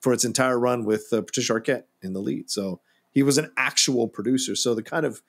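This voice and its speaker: A man co-hosting a casual film podcast, chatty and packed with trivia. His mid-pitched voice is gravelly and husky, with a rough edge. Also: brisk. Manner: conversational, many fillers, trivia-minded. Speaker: podcast co-host.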